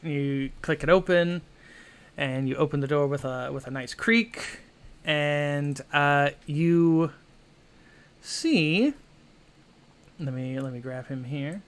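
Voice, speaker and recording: A man's voice: a little high, slow pace, pauses often, smooth. A man narrating a tabletop game as game master in a rambling way, full of fillers and restarts.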